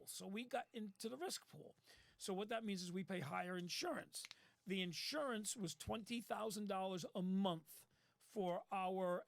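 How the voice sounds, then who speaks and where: A man's voice: sits high, creaky, no room sound. A man who owns a waste company, telling a rambling story in casual live-stream chat and acting out the people he quotes. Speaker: waste company owner, co-host.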